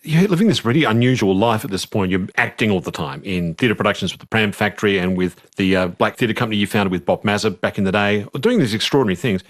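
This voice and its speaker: Quick-talking male interviewer. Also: lowish voice, no echo, studio quality. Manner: probing follow-up questions. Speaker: interviewer, podcast host. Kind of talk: podcast interview.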